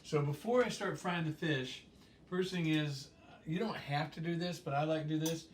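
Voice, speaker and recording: A relaxed man demonstrating a home-cooked dinner, chatty and unhurried, dropping fillers and small laughs as he works. His voice sits a bit on the high side for a man. The kitchen sound is roomy, picked up from some distance with a faint hum behind. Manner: easygoing, rambling with frequent um fillers and chuckles. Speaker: home cook hosting a cooking show. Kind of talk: casual cooking demonstration.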